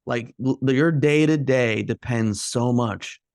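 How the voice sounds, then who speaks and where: A man's voice: medium pitch, slow, a little mellow, no echo. A middle-aged man co-hosting a podcast, talking in a loose, rambling way with many fillers. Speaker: podcast co-host. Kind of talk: casual conversation.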